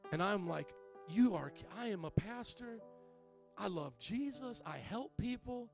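A man's voice: fairly high pitch, gravelly. A man preaching as a pastor, telling a personal story and acting out what others said in changing voices. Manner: animated, acts out quotes with shifting voice. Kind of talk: sermon storytelling.

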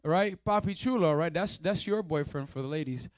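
A youth pastor with a slightly high voice leads an energetic church service in a church hall, speaking at normal speed into a mic. He jokes playfully and fires up the crowd. There's no echo.

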